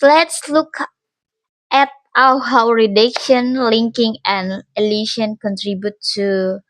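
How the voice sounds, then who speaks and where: A young woman talks through a recorded class presentation at an unhurried pace. Her voice sits a little high, and she often repeats or corrects herself as she goes. The sound is close and dry. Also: dry recording. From Indonesia. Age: young adult. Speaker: university student presenting.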